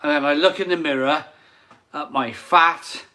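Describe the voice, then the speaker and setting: A man's voice: fairly high pitch, unhurried, sharp tone. A man in his forties hosting a casual live beer stream, chatty and laughing often as he reads out viewer comments. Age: 40s.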